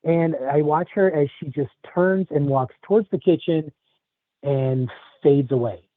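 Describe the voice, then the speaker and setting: A man's voice: a little high, dry recording. Man telling a story over a tinny phone line. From Chicago area, USA. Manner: halting, with many restarts. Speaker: guest telling a personal story. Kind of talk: casual storytelling.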